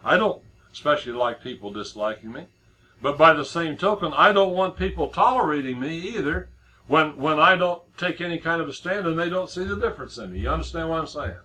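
A man's voice: a little high, expressive, a little fast, pushed and bright, rough recording. A middle-aged man preaching a sermon in a conversational way, with many restarts and repeated words as he tells a story.

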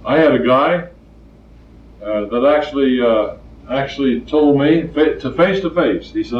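Here an older man with a medium-pitched voice preaches at a slightly slow pace. The sermon is plainspoken and story-driven, with points pressed home by emphatic repetition, and the recording sounds distant, roomy, and lo-fi.

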